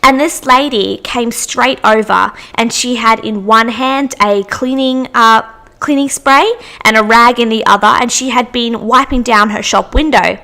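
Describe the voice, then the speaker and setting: A woman's voice: a little high, fairly even intonation, measured pace, sharp tone. A young woman hosting a podcast, chatting through anecdotes with frequent restarts. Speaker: podcast host. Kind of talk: casual storytelling monologue.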